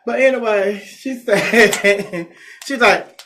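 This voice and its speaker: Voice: mid-range voice, a little fast, sharp tone, slight background noise. A comedy talk show host telling a gossip story in casual, sassy chat and acting out the people in it.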